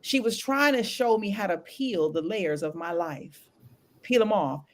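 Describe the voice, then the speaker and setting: A woman's voice: medium pitch, measured pace. A woman co-hosting a podcast in casual chat, telling stories with animation and acting out the dialogue. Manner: animated storytelling, acts out dialogue. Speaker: podcast co-host.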